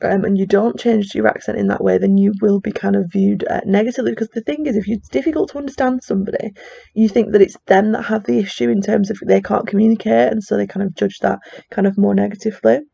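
A woman with a strong regional English accent talks through a lesson in a loose, chatty way, leaning on fillers as she goes. Her voice is deeply gravelly, mellow and husky. The recording is dull and dry, with no room sound. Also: fairly even intonation, fast, dry recording. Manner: chatty, many fillers and asides. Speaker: psychology teacher. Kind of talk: classroom lecture.

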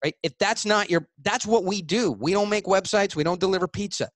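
A man being interviewed as a guest author, talking in a blunt, emphatic way and acting out both sides of sales pitches. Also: a little fast, fairly bright tone, dry recording, studio quality.

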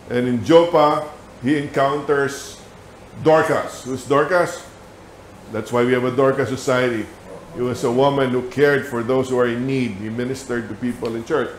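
A man with a Filipino accent teaching a Bible lesson in a church, telling stories in an animated way with laughter. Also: mid-range voice, reverberant, a little hiss or hum. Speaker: Sabbath school teacher. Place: church hall.

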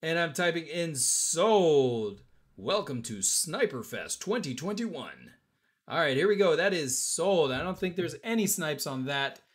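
A man's voice: fairly high pitch, very animated, a little slow. A man hosting a live-stream auction, joking with bidders and counting down bids. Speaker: auction host.

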